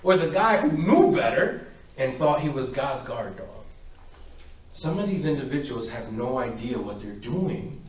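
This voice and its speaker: Animated man in an echoey hall. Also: medium pitch, a little slow, a little hiss or hum. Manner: animated, acts out both sides of stories. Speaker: parish speaker. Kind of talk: faith talk with storytelling. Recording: echoey hall, far from mic.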